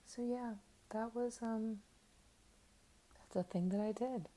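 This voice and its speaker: A woman's voice: on the high side, fairly even intonation, slow, warm tone. A woman in her thirties telling a candid, self-mocking story to camera in a casual chat, with lots of fillers. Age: 30s. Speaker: vlogger.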